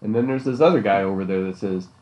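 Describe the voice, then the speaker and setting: A man's voice: fairly low pitch, quick pace, darkish tone. A man hosting a solo podcast, rambling casually and teasing his listeners with jokes. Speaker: podcast host.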